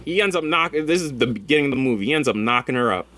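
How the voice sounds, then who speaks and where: A man hosting a casual film podcast, talking in an animated, slangy way with plenty of swearing. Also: medium pitch, racing, slight background noise. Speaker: podcast host, film reviewer. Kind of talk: casual chat.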